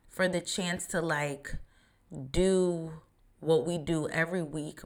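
A woman's voice: low voice, a bit bright. A woman in her thirties hosting a podcast, talking in a chatty, rambling way with lots of fillers. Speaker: podcast host. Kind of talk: casual podcast monologue.

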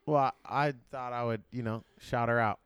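A man's voice: mid-range voice, steady tone, normal speed, smooth, no echo, lo-fi sound. A man co-hosting a podcast, easygoing and agreeable, swearing freely in casual chat with friends. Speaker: podcast co-host.

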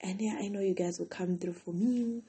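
A woman's voice: mid-range voice, fairly even intonation, fairly quick, mellow, husky. A young woman hosting a casual solo podcast. She sounds tired and chatty, rambling with lots of "like" between thoughts. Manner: chatty, rambling, heavy use of "like". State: tired, yawning. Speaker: podcast host.

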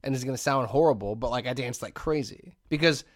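A man's voice: mid-range voice, fairly quick, no room sound, clean studio sound. A middle-aged man co-hosting a podcast, telling stories in casual chat and acting out quotes as he goes. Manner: animated storyteller, acts out quotes. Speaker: podcast co-host.

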